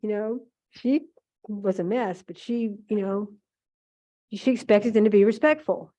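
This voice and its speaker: A woman's voice: medium pitch, measured pace, dark tone. An older woman telling rambling, chatty stories with asides while demonstrating holiday decorating. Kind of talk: casual storytelling during a demonstration. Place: museum event room. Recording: muffled museum archive recording.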